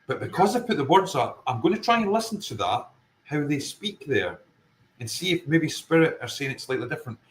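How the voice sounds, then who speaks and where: A man's voice: on the high side, sing-song, fairly quick, low-quality recording. A Scottish man with a Fife accent, a paranormal investigator guest talking earnestly and emphatically in a casual interview, often circling back to his point. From Scotland.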